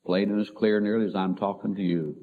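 A middle-aged man, a pastor, telling an emotional personal story in a sermon, swinging between loud and soft. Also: lowish voice, fairly even intonation, a little fast, a little hiss or hum. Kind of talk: sermon testimony. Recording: tinny phone-like lo-fi recording.

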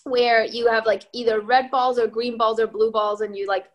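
High-voiced woman telling lively stories. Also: moderate pace, lo-fi sound. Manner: animated storyteller, laughs often. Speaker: game designer guest. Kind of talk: casual podcast chat.

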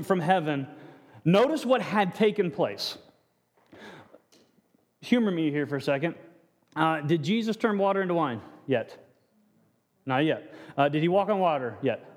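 A man, a pastor, preaching a conversational sermon with frequent restarts and rhetorical questions to the congregation. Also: sits high. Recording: long hall reverb.

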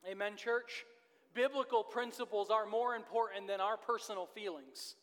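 High-voiced man preaching in a reverberant church. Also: normal speed, fairly bright tone. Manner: earnest, repeats key phrases for emphasis. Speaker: pastor. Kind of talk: sermon. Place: church sanctuary.

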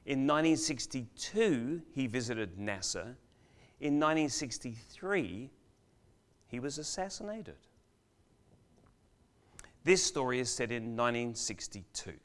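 An older man preaching as a guest in a church spins a story with dramatic pauses, his mid-range voice full of expression. Questions come out loud, while the most important lines drop almost to a whisper.

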